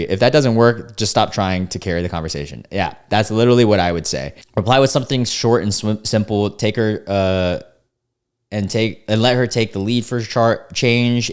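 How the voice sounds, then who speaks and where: A young man with a fairly low voice talks through screenshots in a relaxed, amused tone. He trips over words, restarts sentences and chuckles as he goes. It sounds like a casual chat with viewers. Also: smooth. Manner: laid-back, amused, reads chats aloud with restarts. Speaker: commentary host reading screenshots. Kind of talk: casual reaction commentary.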